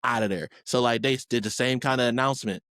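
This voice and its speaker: A man's voice: mid-range voice, fast, a bit bright, smooth, dry recording, studio quality. A man co-hosting a pop culture podcast, recapping a reality show in a loose, rambling way full of fillers and restarts. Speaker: podcast co-host. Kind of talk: casual pop culture chat.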